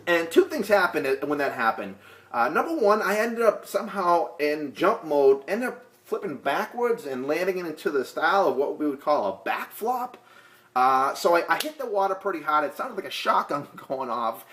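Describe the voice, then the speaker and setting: A man's voice: on the high side, sing-song, moderate pace, fairly bright tone. Man, casual vlog Q&A, rambling, jokey, plenty of ums and restarts. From Boston area. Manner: rambling, joking, many fillers and restarts. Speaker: real estate agent answering viewer questions.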